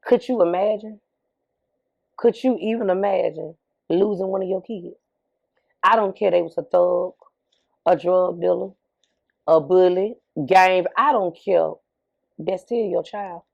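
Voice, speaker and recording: A woman's voice: on the low side, unhurried, vocal fry, long pauses, highs cut off. A middle-aged woman talking candidly as an interview guest, emphatic, often repeating herself and asking rhetorical questions. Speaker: interview guest, bereaved mother.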